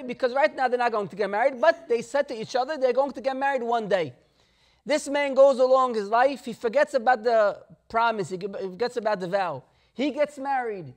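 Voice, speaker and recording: A middle-aged man, a rabbi, teaching a Torah class and explaining Hebrew terms in English with emphatic warnings. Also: very high voice.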